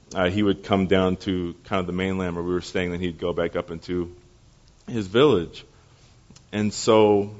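A young man preaching as a pastor, telling personal stories in a lively way and acting out the people in them. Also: fairly low pitch. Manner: animated storyteller, acting out voices. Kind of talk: storytelling sermon. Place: church service. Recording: dull lo-fi recording.

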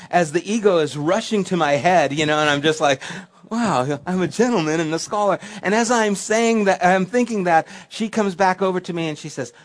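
A man preaching a sermon, dropping to a soft hush and then rising to emphatic, storytelling moments. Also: a little high. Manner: preacherly, swinging from hushed to emphatic. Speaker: pastor.

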